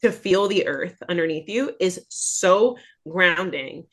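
Young woman chatting openly on a podcast, low pitch, animated. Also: takes it slowly. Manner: candid and animated, acts out her own thoughts. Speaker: guest, actress and singer. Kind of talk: casual interview chat.

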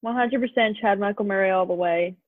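A woman's voice: medium pitch, brisk. A woman in her twenties, co-hosting a casual chat over a video call, mostly jumping in with short reactions. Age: 20s. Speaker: podcast co-host. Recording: tinny phone-like call audio.

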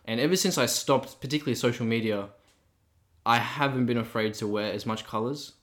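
A young man co-hosting a podcast, talking casually and thoughtfully with a croaky, sore voice. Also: medium pitch, a little fast. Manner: thoughtful, rambling with restarts. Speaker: podcast co-host. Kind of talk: casual chat.

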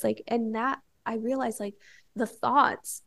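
A woman's voice: a little high, fairly even intonation, slow pace, vocal fry, fairly bright tone. A young woman, a podcast guest, telling a candid personal story in casual chat, filling her talk with "like". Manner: candid storytelling, many filler "like"s.

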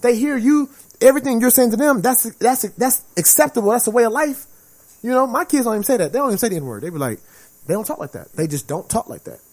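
A man's voice: very high-pitched, quick pace. A man in his forties talking in a casual chat as a podcast co-host, emphatic and slangy. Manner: animated, emphatic, slangy, acts out quoted voices.

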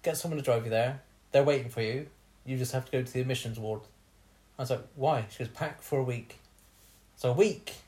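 A man's voice: medium pitch, a little fast, darkish tone. A young man telling a bawdy story on a casual podcast, laughing often as he acts out what people said.

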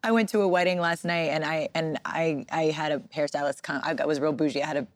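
A woman guest chatting in an interview, telling stories in a lively, animated way. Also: deep voice, quick pace. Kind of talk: casual interview chat.

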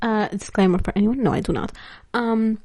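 A woman's voice: mid-range voice, a little fast, darkish tone. A young woman vlogger telling a story in casual chat, laughing often and using lots of filler words.

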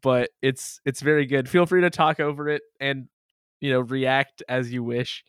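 Male podcast host, smooth clear voice, dry close mic, casual chat. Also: mid-range voice, fairly even intonation, moderate pace, a bit bright, no room sound. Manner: hedging, filler-heavy setup talk.

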